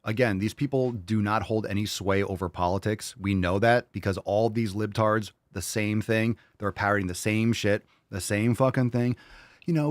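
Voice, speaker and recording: On a dry, clean studio recording, a livestream host with a fairly low voice speaks at a moderate pace and even intonation. He reads viewer chat aloud in a profane, mocking rant packed with swearing.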